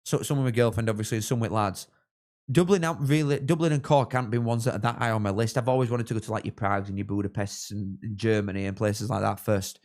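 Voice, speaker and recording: A young man chatting casually on a live football watchalong, rambling and thanking viewers, with sudden excited shouts. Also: fairly low pitch, fast. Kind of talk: casual live-stream chat with match reactions.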